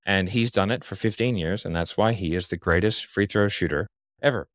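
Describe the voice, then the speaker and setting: A man's voice: sits low, a little fast, a bit bright, no echo, clean studio sound. A man giving casual interview talk as a podcast guest, confident and blunt, explaining with examples.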